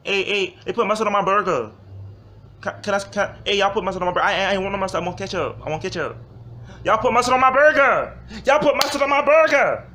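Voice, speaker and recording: A man voicing an irate fast-food customer who whines and shouts about his order over and over. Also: sits high, a little hiss or hum, voice pushed up. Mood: whiny, indignant. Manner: shouting, whining, repeating himself.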